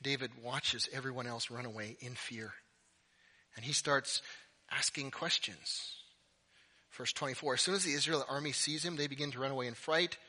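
A male pastor preaching a sermon, animated and jokey with playful asides. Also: mid-range voice, moderate pace.

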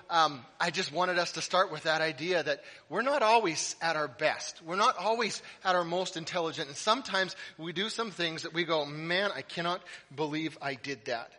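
A middle-aged man delivering a sermon with a high, bright and forceful voice. He tells stories in a lively way and makes playful asides. His voice carries a long reverb through a church hall. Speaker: pastor. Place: church sanctuary.

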